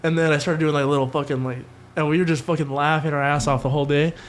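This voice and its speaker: A man's voice: on the high side, little pitch movement, fast talker, a little hiss or hum. A young man co-hosting a podcast, telling rambling, profane stories in casual chat and mimicking the people in them. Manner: rambling, profane storytelling with quoted voices. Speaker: podcast co-host.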